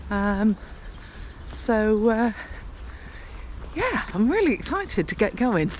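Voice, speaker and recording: A woman's voice: a little high, sing-song, slow pace, a little hiss or hum. An older woman chatting casually to camera while walking outdoors on a pilgrimage trail, rambling with many fillers. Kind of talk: casual walking vlog chat. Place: outdoors on country paths.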